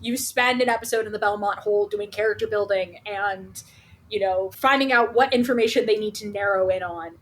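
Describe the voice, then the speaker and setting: A woman's voice: mid-range voice, brisk, slight background noise, poor audio. A woman co-hosting a podcast, summing up a show's plot in casual chat and swearing freely. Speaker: podcast co-host.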